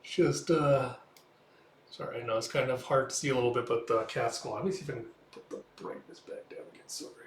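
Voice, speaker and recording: A man's voice: mid-range voice, fairly even intonation, fairly quick, slight background noise. A man casually narrating his read-through of a comic, laughing and swearing freely, in a room at home. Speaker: comic book reviewer. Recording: roomy echo.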